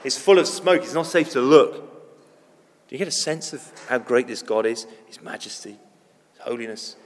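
A man preaching a sermon, emphatic, with big swings between loud declarations and hushed lines. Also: medium pitch, lively intonation, normal speed, in a large hall. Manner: emphatic, dramatic swings in loudness and pace.

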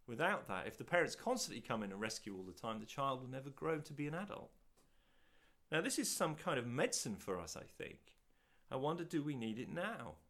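A man preaching a sermon to an audience watching on video, asking rhetorical questions, swelling to loud peaks and dropping to hushed, slow lines. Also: mid-range voice, very animated.

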